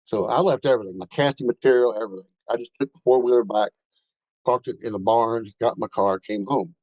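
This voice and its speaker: A man's voice: mid-range voice, quick pace, a little mellow, no room sound, highs cut off. A man telling a rambling first-hand story in a casual way, with many fillers and restarts. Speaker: bigfoot researcher telling an encounter.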